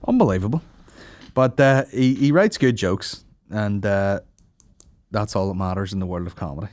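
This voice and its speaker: A man, hosting a comedy podcast in a profane rant, mocking people in loud put-on voices. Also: lowish voice, lively intonation, normal speed, no room sound. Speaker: podcast host.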